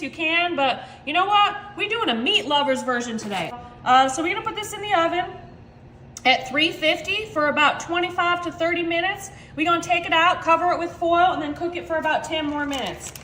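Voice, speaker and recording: A woman chatting casually through a cooking demonstration at home, excitedly calling her viewers y'all. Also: very high-pitched, reverberant, a little hiss or hum. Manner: excitable about food. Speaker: cooking vlogger. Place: home kitchen.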